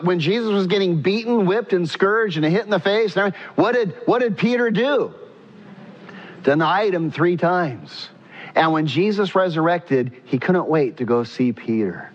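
A preacher man with a slightly raised pitch delivers his sermon with animated energy. He acts out voices and swings between pressing questions and hushed, tender moments. The recording sounds dull and lo-fi. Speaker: pastor.

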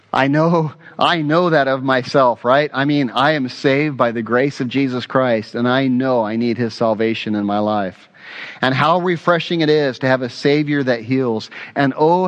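Male pastor, mid-pitched, earnest emphatic sermon delivery, repeats key lines, slightly dull lo-fi recording.

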